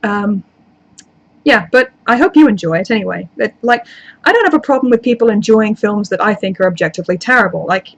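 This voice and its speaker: A woman's voice: mid-range voice, animated, fairly quick, vocal fry. A woman YouTuber in casual live chat, answering viewer comments in a rambling, chatty way with self-deprecating asides.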